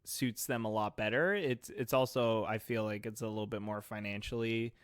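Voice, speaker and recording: A man's voice: fairly low pitch, steady tone, moderate pace, smooth, no echo, clean studio sound. A young man co-hosting a casual gaming podcast, speaking in an easygoing, joking way that stumbles a little when he starts a sentence. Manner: laid-back and joking, stammers on starts. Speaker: podcast co-host. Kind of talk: casual esports podcast chat.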